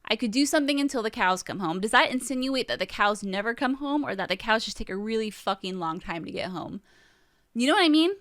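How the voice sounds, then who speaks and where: Brief: young woman host, bright voice, loose rambling chat, dry close sound. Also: fairly high pitch, expressive, fast, no echo. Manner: chatty, rambling, swears casually. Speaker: vlog host. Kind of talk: casual chat to camera. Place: home room with game shelves.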